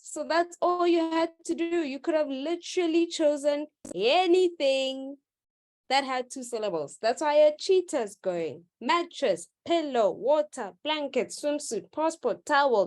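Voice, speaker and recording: A woman teaching maths in a live online class, playful and teasing with her students. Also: high-pitched. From South Africa.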